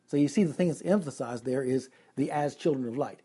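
A man's voice: medium pitch, fairly quick, warm tone, husky. A man preaching an expository sermon, reading scripture aloud and earnestly explaining it verse by verse.

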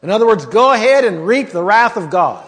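High-voiced man preaching in a hall. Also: big pitch swings, a little fast, a bit bright. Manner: conversational, emphatic, rhetorical questions. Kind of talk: sermon, Bible teaching.

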